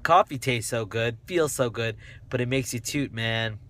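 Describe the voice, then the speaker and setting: A man's voice: medium pitch, moderate pace, a bit bright. A man casually livestreaming from inside a parked car, rambling and joking with viewers on his phone. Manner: rambling, jokey, sings snatches of songs. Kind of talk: casual live chat. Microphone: phone held in a car.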